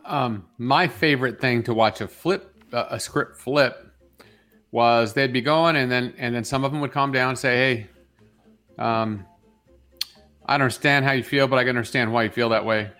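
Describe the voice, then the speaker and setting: A man's voice: medium pitch, normal speed, a bit bright, faint music behind. A man co-hosting a morning talk show, recounting work stories in casual chat and acting out the dialogue. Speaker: co-host.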